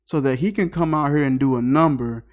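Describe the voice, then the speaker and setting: A man's voice: mid-range voice, a little fast. A man giving a casual, comedic movie review, riffing with incredulous, slangy asides. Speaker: film reviewer.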